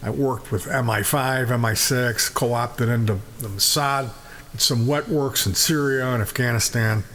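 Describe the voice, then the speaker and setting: A man's voice: mid-range voice, measured pace, fairly bright tone, natural voice. A man voicing a boastful talking dog who spins tall tales in a joke. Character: smooth-talking male talking dog, boastful spy.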